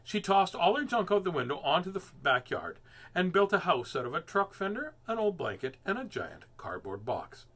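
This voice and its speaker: An older man reads picture books aloud to a live audience, joking and chatting between pages. His voice sits fairly high and rings bright, swinging up and down with lively expression. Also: moderate pace, husky. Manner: playful, chatty, easily amused. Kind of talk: live read-aloud stream.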